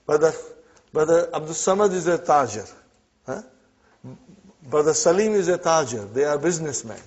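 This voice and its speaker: A man's voice: a little high, expressive, moderate pace. A middle-aged man teaching an Arabic class, drilling words and asking students "huh?" and "are you with me?". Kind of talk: classroom language lesson. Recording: muffled lo-fi classroom recording.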